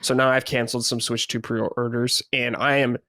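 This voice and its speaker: A man's voice: mid-range voice, level tone, normal speed, bright, forceful tone, no echo, clean studio sound. A man co-hosting a gaming podcast, telling a story in casual chat and swearing freely. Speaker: podcast co-host.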